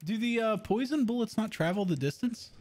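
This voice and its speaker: A young man streaming a multiplayer game, chatting casually and excitably with his friends. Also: brisk. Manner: excitable, jumps into high joking voices. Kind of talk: casual gaming chat with friends.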